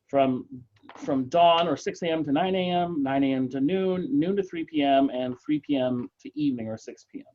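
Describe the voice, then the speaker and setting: A man leads a relaxed church book group, thinking aloud with fillers and restarts. His voice sits at an ordinary pitch. The sound is dull and lo-fi, like an online call. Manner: thoughtful, halting, with many fillers and restarts. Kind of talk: casual group discussion.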